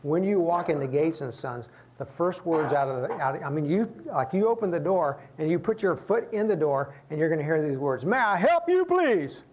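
A man's voice: fairly high pitch, lively intonation, fairly quick, hardly any pauses, darkish tone, highs cut off, a little hiss or hum. A man preaching a conversational sermon as pastor to his congregation, acting out the voices of people he quotes. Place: church sanctuary with congregation.

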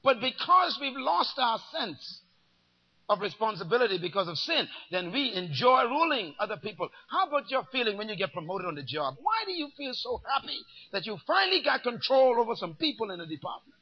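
A male preacher with an unusually high, breathy voice delivers a sermon full of rhetorical questions. He swings between shouting and near-whispers, his pitch rising and falling widely. The recording sounds dull and lo-fi. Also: big pitch swings, a little fast.

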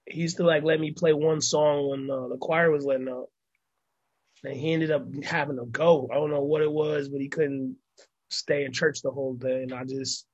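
A young man with a husky, slightly high voice chats as an interview guest. He is laid-back and slangy, and he leans on fillers between thoughts. His talk stays loose and unhurried. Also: lo-fi sound. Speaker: musician and actor guest.

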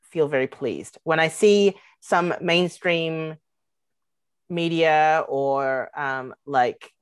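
A woman talking as a podcast guest in a loose, rambling way, with many pauses and fillers. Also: low voice, smooth, no room sound. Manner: rambling, hesitant, many ums and likes. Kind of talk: casual podcast chat.

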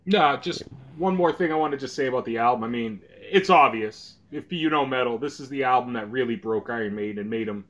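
A man's voice: medium pitch, brisk, hardly any pauses, a bit bright. A man co-hosting a casual podcast, talking emphatically about metal records and swearing freely. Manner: emphatic, swears, hums riffs. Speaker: podcast co-host.

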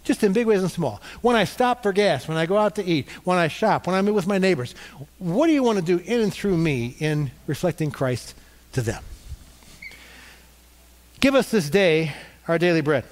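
A man's voice: high-pitched, lively intonation, fairly quick, a little mellow. A middle-aged male pastor preaching a conversational sermon, getting the congregation to respond.

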